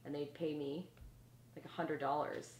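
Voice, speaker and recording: A woman's voice: sits low, flat delivery, moderate pace, a little mellow, roomy sound, a little hiss or hum. A woman in a casual interview, blunt and profane.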